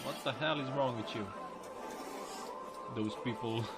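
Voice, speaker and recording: A man gives casual voice-over commentary, chatty and joking, with frequent laughs. His voice sits at a middle pitch. Faint road noise runs quietly underneath. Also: unhurried. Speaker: video host and commentator. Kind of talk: casual reaction commentary over dashcam clips.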